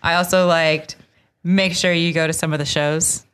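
A woman's voice: sits low, steady tone, normal speed, a bit bright, a little hiss or hum. A woman co-hosting a podcast, friendly and thinking aloud as she shares picks. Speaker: podcast co-host. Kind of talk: casual chat.

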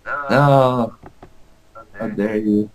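This is a man teasing his opponent over a card game in an easy, laid-back way. His voice is low, and he speaks slowly. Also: fairly even intonation, crowd noise, poor audio. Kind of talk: casual banter during a card duel.

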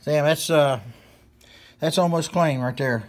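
A man with a West Virginia accent talks through a hands-on demonstration in a folksy, rambling way, full of fillers. His voice sits high, and he takes his time with every step. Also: measured pace. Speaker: hunting channel host. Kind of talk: casual how-to demonstration.

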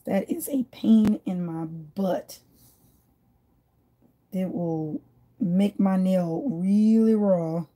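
A woman's voice: mid-range voice, very slow, long pauses, warm tone. A woman vlogger chatting casually and rambling while she does her nails. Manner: chatty, rambling, laughs often. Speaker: nail vlogger.

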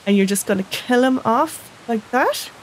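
A woman's voice: a little high, animated, normal speed, a little hiss or hum, rough recording. A woman giving casual commentary while playing a video game, talking in an upset, indignant way and swearing. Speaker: let's play gamer.

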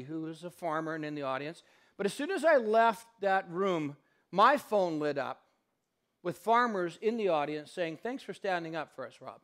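A man giving a public lecture in a university hall, telling stories with passion and acting out what people said. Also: fairly high pitch. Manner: impassioned, animated storyteller who acts out quotes.

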